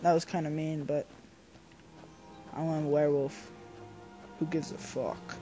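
A man's voice: on the high side, flat delivery, unhurried, music in the background. A young man giving goofy, rambling let's-play commentary into a desk microphone at home. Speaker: gamer host.

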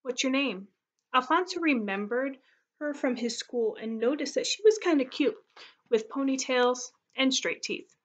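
A woman teacher reading a story aloud to her class, expressive and steady, on a muffled recording. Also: high voice, normal speed.

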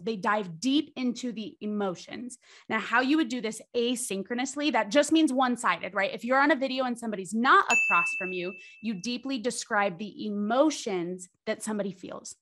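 With a fairly high, somewhat bright voice and a brisk pace, a woman guesting on a podcast as a charisma coach explains her ideas. She performs the voices she quotes and keeps tacking "right?" onto her points in this lively interview.

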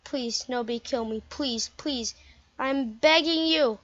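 A young woman giving excitable, chatty commentary while playing a game. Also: sits high, slow pace. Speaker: gameplay commentator. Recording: dull lo-fi home mic.

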